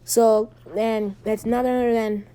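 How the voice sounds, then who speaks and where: A woman casually retelling a fan-made story, rambling and halting with many ums and restarts. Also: on the high side, level tone, mellow, clean tone.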